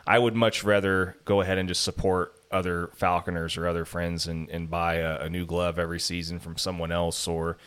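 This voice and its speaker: A man's voice: deep voice, flat delivery, fairly quick, few pauses, a bit bright, clean tone. A man hosting a casual interview, rambling with lots of "you know" and "um" fillers. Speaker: podcast host.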